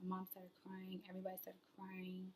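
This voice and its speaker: A woman's voice: lowish voice, completely flat delivery, brisk, slight background noise. Young woman telling a rambling personal story. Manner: rambling, frequent "like" fillers, drops to soft near-whispers. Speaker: new mother vlogger. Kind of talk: casual storytelling vlog.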